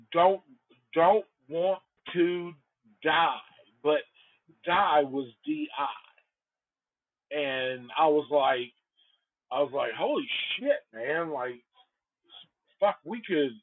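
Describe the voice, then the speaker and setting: A man's voice: a little high, breathy edge. Male podcast host, loose and profane, tells stories animatedly; lo-fi phone-quality audio. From Antioch. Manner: profane, rambling, animated storyteller. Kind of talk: casual storytelling.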